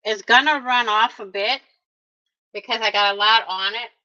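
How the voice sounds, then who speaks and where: A woman's voice: on the high side, normal speed, pushed and bright. A woman narrating a casual crafting tutorial, chatty and talking straight to her viewers with playful little exclamations, in a dull lo-fi recording. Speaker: craft vlogger.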